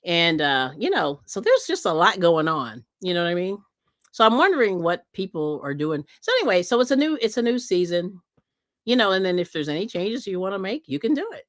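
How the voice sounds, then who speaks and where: A woman's voice: fairly low pitch, very animated, a little fast, no echo, clean studio sound. A woman hosting a livestream, chatting casually with viewers, rambling with many fillers and frequent laughs. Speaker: livestream host.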